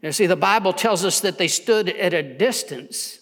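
A man preaching as a pastor, building to impassioned near shouts and then dropping low and quiet. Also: normal speed, big-room sound. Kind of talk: sermon.

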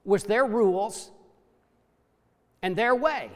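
A man preaching a sermon with passion, dropping to hushed low tones for emphasis. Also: takes it slowly. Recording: long hall reverb.

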